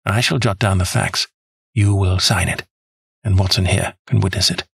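A man voicing a calm, precise detective who speaks in a measured, gentle way. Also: low voice, vocal fry, husky, dry recording, studio quality, full character voice.

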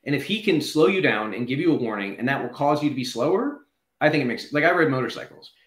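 A man's voice: mid-range voice, lively intonation, fast, background noise. A man who is a former prisoner, guest in a conversational interview, arguing in an articulate, reasoned way. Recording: roomy echo.

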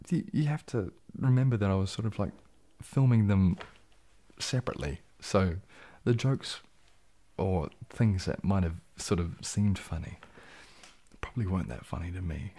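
Deep, husky New man. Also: lively intonation, normal speed, dark tone. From New Zealand. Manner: reads viewer comments aloud and answers them in a low, laid-back way. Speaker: ASMR streamer. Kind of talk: casual live-stream chat, soft-spoken.

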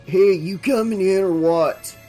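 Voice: medium pitch, unhurried, mellow, soft background music, voice pushed up, close to an everyday voice. A narrator voicing a vain, scheming teenage boy who talks in a smug, purring way. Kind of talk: audiobook dialogue.

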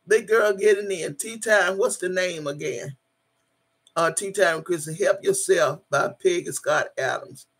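Woman livestream host, husky and tense-edged, brash and profane, reads chat and laughs a lot. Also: on the low side. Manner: loud, profane and boastful, laughs often.

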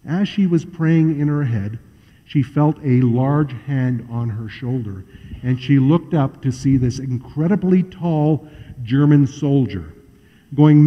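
A man's voice: medium pitch, slow. Male preacher in a reverberant hall. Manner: acts out quoted voices, varies loudness and pace freely. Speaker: pastor. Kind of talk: sermon storytelling. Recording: muffled hall recording with long reverb.

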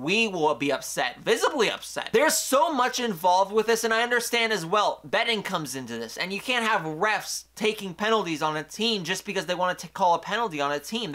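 A young man recapping a hockey game on his own channel, talking in an animated way that swings from excited outbursts to quiet asides. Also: high-pitched. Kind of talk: solo game recap commentary.

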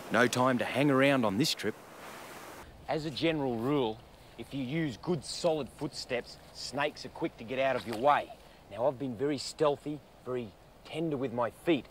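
Excitable Australian man in the field. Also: medium pitch. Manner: excitable and animated, quick exclamations. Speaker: wildlife documentary presenter. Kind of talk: on-location wildlife presenting. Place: outdoors in the bush. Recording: noisy outdoor field recording.

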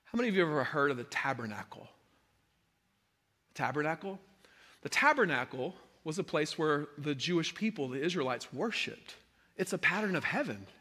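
Impassioned pastor in a hall. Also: male voice, fairly high pitch. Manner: impassioned, swings from hushed to shouting. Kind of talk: sermon. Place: large church hall. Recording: long hall reverb.

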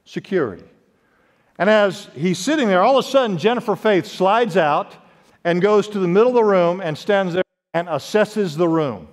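Male pastor, high voice, dynamic sermon delivery, long church-hall reverb. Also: animated, normal speed. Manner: preaching with sharp swings in pitch and volume, quotes scripture. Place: church sanctuary.

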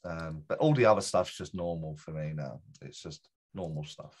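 A man's voice: a bass voice, normal speed, darkish tone. A middle-aged man, a guest medium, telling a personal story in a rambling way, full of fillers and restarts. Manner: rambling, self-correcting, many fillers. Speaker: guest, spiritual medium and teacher. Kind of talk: casual storytelling in an interview.

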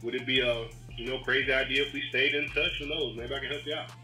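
A man's voice: mid-range voice, flat delivery, fast talker, soft background music. Friendly male realtor on an echoey call. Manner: friendly, easygoing, salesman-casual. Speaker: realtor making a cold call. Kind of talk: recorded phone cold call. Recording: bright, echoey call recording.

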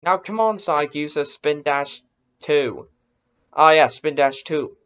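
A man's voice: a little high, a little slow, a bit bright, smooth. A man hosting a casual reaction video, easily startled and exclaiming, talking himself into being brave. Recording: dull lo-fi recording.

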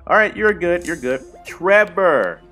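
A man playing a horror game and commenting as he goes, bantering with the characters and yelling loudly when scared. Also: sits high, measured pace, soft background music. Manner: loud excited reactions, slangy banter with game characters. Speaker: gaming streamer.

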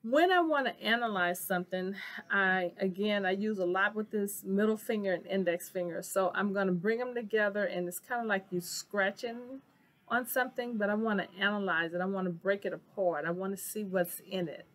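A woman teaching sign language vocabulary in a casual, chatty way, with fillers, repeating each word slowly. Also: medium pitch, fairly bright tone. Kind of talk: casual instructional video.

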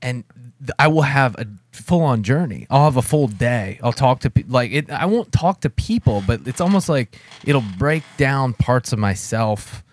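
A man talking in casual chat, reflective and rambling, with halting restarts. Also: medium pitch, expressive, no echo. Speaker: podcast co-host.

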